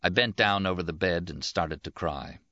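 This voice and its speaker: Deep male audiobook narrator, measured and plain. Dry, lo-fi recording. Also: sharp tone, no room sound. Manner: plain, measured first-person reading.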